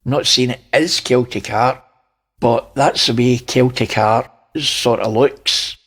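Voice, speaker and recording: A man's voice: mid-range voice, steady tone, slow, a bit bright, breathy edge. A man with a Scottish accent, talking viewers through images and pointing out details, with wry asides. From Scotland. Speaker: channel host. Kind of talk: narrating image analysis.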